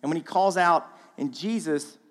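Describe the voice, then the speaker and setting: Male guest preacher with a fairly high voice, casual and animated, recorded with a long church-hall echo. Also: normal speed. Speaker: guest speaker. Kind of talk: sermon. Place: church auditorium.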